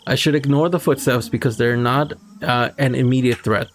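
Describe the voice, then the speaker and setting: A man's voice: mid-range voice, steady tone, normal speed, a little hiss or hum, close to an everyday voice. A man reading as a tense teenage girl talking herself down. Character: panicked teenage girl sneaking through a school.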